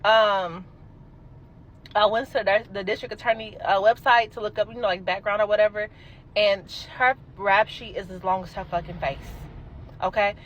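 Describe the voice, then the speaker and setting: A young adult woman telling a casual storytime, animated and emphatic, swearing freely. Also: mid-range voice, moderate pace, muffled recording.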